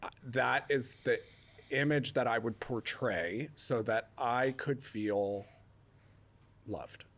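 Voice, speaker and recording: A man co-hosting a recovery podcast, speaking in a halting, heartfelt way about his own experience. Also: medium pitch, a bit bright. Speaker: podcast co-host. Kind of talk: casual podcast conversation.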